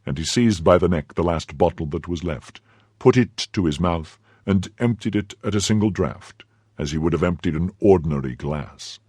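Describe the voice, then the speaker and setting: A man narrating a classic novel as an audiobook, in a measured, even storytelling manner. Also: low-pitched, slightly rough, no echo, studio quality.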